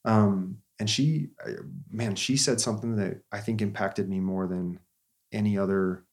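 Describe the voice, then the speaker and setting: A man's voice: on the low side, fairly even intonation, measured pace, a little mellow. A therapist, a man in his thirties, telling a story in an earnest, conversational way with frequent restarts.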